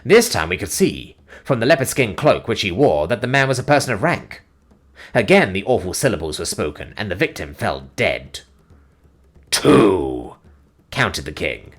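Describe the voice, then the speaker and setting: A man giving a dramatic, highly expressive scripted audiobook narration. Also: normal speed.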